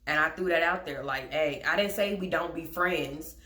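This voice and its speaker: Low-voiced woman telling a story. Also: normal speed, sharp tone. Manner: candid and chatty, with frank swearing and wry laughs. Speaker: vlogger telling a personal story. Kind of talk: casual storytime monologue. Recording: echoey room.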